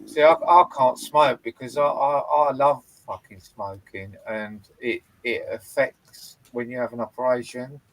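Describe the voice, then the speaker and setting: A man's voice: mid-range voice, steady tone, measured pace, few pauses, fairly bright tone, no room sound, poor audio. A man streamer in casual chat, sweary, often restarting his sentences. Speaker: live streamer.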